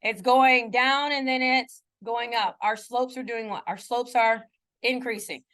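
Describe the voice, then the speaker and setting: Her voice is on the high side, steady and fairly bright, and she keeps a measured pace as she lectures on math. Though casual, she frequently checks that students follow and laughs at her own slips.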